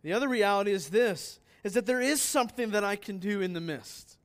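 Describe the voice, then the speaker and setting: A man with a high voice preaches an emphatic sermon. He drives points home with rhetorical questions and drops to quiet asides between louder declarations. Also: lively intonation, brisk. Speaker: pastor.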